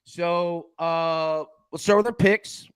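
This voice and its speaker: A man's voice: a little high, steady tone, slow, a bit bright, clean tone, no room sound. A man hosting a live sports betting show in casual chat, jokey and rambling, laughing often.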